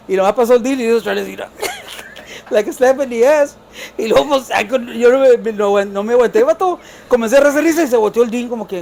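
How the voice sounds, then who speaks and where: An older man tells stories at a quick clip, his voice sitting fairly high for a man. He switches between Spanish and English, laughs as he goes and acts out what others said. His carries through both languages. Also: creaky, a little hiss or hum. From South Texas. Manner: lively, laughs while telling stories, acts out other people's lines. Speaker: guest, storyteller. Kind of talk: casual storytelling, mixing Spanish and English.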